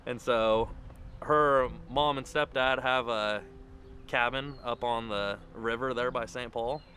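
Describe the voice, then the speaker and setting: A man's voice: medium pitch, steady tone, slow pace, pushed and bright, a little hiss or hum. A young man telling how he proposed, then giving a wedding toast, in a rambling, run-on way. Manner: rambling, run-on storytelling with many "and"s. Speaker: groom. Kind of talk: casual storytelling and wedding toast.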